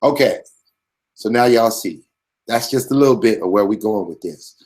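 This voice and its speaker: A man's voice: on the low side, moderate pace, darkish tone. A man hosting his own channel, giving a blunt, profane, streetwise commentary monologue with a preachy swagger.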